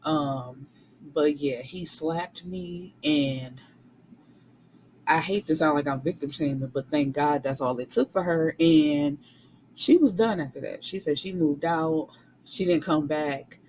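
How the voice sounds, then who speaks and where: A woman recapping a romance novel for her viewers in a casual, animated way, swearing freely and talking back to the characters. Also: low voice, a little hiss or hum, rough recording. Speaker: book reviewer.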